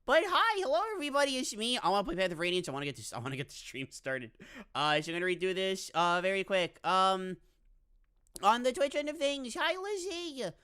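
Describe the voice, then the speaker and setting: A woman's voice: mid-range voice, very animated, a little fast, a bit bright, clear, resonant tone. A woman streamer chatting casually with her viewers in a chatty, bubbly way. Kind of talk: casual live-stream chat.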